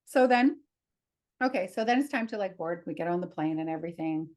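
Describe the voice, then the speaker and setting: A woman's voice: lowish voice, brisk. Chatty woman telling a story. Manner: animated, acts out quotes, laughs often. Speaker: podcast co-host. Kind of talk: casual storytelling chat.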